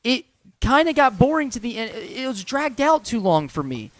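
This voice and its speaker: A man co-hosting a casual debate, offering brief, measured objections. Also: extremely high pitch, big pitch swings, fairly bright tone, dry recording. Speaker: co-host.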